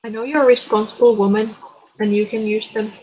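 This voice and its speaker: A woman hosting a livestream in casual chat, playful, giggly and excitable. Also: on the high side, fairly quick, slightly rough. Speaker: streamer host. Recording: dull lo-fi stream audio.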